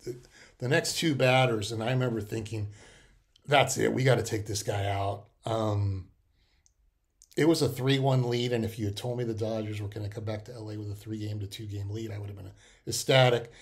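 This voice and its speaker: A man's voice: lowish voice, steady tone, brisk. A middle-aged man, hosting a podcast and telling a rambling, emotional personal story full of restarts and fillers. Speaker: podcast host. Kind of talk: casual personal monologue.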